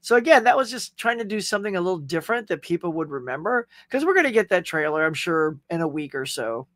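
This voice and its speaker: A man's voice: sits high, sing-song, fast talker, a bit bright, dry recording. A middle-aged man with a Southern US accent, casually hosting a live stream, chatting, laughing often and greeting viewers by name. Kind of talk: casual live chat reading comments.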